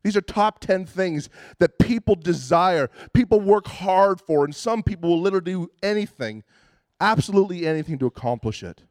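A man's voice: sits high, animated, moderate pace, darkish tone, dry recording, studio quality. A man preaching a sermon in a conversational, self-deprecating way, often restarting his sentences. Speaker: pastor.

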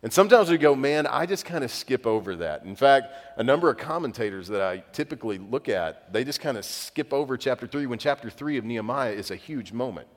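A man's voice: medium pitch, lively intonation, fairly quick, hardly any pauses. A man preaching a sermon as pastor, telling conversational, self-deprecating stories. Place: church sanctuary. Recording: long reverb of a church hall.

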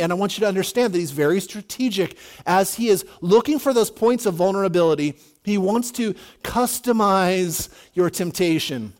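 This pastor has a high, slightly mellow voice. Addressing his congregation in a casual, conversational sermon, he keeps repeating words, restarting sentences, and dropping in "you know."

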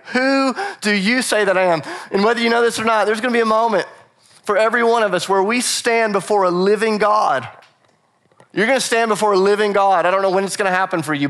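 A man preaching a sermon, animated and repetitive for emphasis, acting out scripture quotes in casual voices. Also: high-pitched. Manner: repeats phrases for emphasis. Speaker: pastor.

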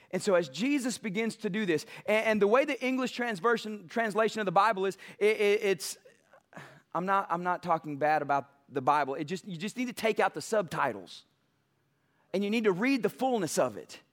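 A man's voice: sits high, lively intonation, moderate pace. A male pastor preaching a sermon emphatically, building passion. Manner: emphatic, building passion, mocks soft quotes.

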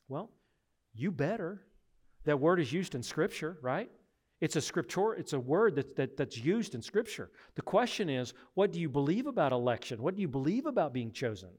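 Animated male preacher, loud to hushed. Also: on the high side, normal speed, husky. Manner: animated storytelling with acted-out voices. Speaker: pastor. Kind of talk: sermon.

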